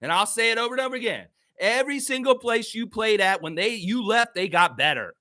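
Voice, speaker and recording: Loud, high-pitched, profanity-laced male fan ranter. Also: brisk, no echo. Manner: profane, mocking and animated, reads chat comments aloud. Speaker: host of a fan livestream. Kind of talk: ranting live fan commentary. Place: friend's home.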